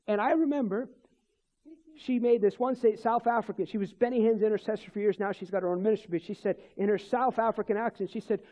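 A man's voice: sits high, quick pace, highs cut off. A man, a Christian minister, telling a personal faith testimony in conversation, rambling with restarts and chuckles.

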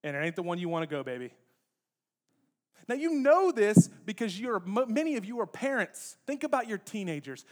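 A pastor with a noticeably high voice for a man preaches in a casual, conversational way. He talks straight to the congregation, slipping in playful jokes between points. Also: normal speed. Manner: lively, joking asides to the congregation. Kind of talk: conversational sermon. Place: church sanctuary.

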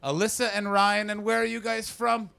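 Brash, bright-voiced Canadian comedian. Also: male voice, high-pitched, little pitch movement, normal speed, gravelly, smooth. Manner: brash, profane, jumps into loud shouted voices. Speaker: stand-up comedian. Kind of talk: stand-up crowd work. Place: comedy club with audience.

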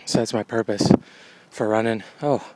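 A male comedian talking in a wry, meandering deadpan right after a run, a little winded, outdoors by a road. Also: on the low side, moderate pace, noisy background. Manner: wry, meandering, jokey asides. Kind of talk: rambling deadpan monologue.

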